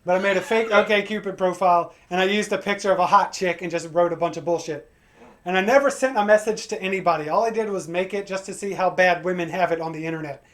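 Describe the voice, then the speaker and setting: A man doing a stand-up comedy set, crude and energetic, breaking into acted-out voices for his punchlines. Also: high-pitched, fast talker. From Pacific Northwest of the USA. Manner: crude, energetic joke delivery with acted-out quotes.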